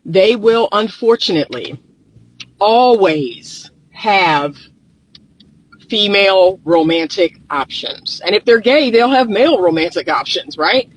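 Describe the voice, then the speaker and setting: In a rough recording with a little hiss or hum, a male relationship therapist speaks in a high, fairly bright, groggy morning voice. Outdoors in the sun with his phone held or propped nearby, he gives casual vlog commentary, emphatic and repetitive, talking directly to viewers.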